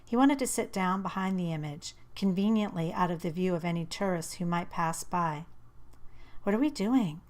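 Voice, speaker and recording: A woman narrating a first-person novel as an audiobook, in an intimate, measured and expressive reading. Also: fairly low pitch.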